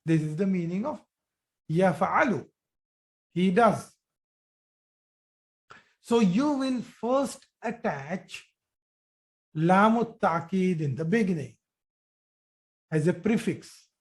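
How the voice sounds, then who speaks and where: Slow, patient online grammar teacher. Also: female voice, lowish voice, expressive. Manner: slow, repetitive explaining, asks students questions. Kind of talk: live online grammar lesson.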